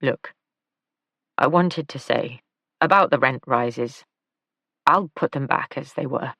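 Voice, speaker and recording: A woman reading a tired, injured man who talks softly and apologetically in an audiobook. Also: very deep voice, takes it slowly, slightly rough, no echo, heavily acted. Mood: weary.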